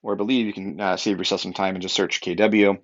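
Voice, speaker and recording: A man's voice: deep voice, level tone, fast, muffled recording. A young man, an upbeat real estate technology trainer, giving an emphatic walkthrough with lots of fillers.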